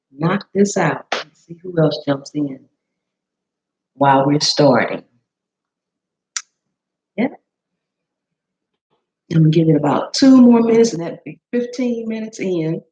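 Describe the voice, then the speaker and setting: Woman, live-stream cooking host, chatty and welcoming, slightly hoarse, muffled webcam audio. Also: slight background noise. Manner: chatty, greets viewers by name, bursts into high excited greetings. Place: home kitchen.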